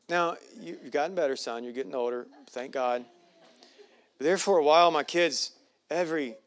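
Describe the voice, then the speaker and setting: High-voiced joking pastor. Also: male voice. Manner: folksy and joking, playful asides. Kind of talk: sermon.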